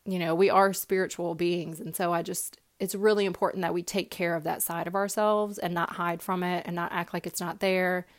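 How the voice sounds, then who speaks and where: A woman's voice: fairly low pitch, fairly even intonation, moderate pace, hardly any pauses. A young woman hosting a podcast, sharing a personal story in a heartfelt, casual way with many fillers and repeated words. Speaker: podcast host.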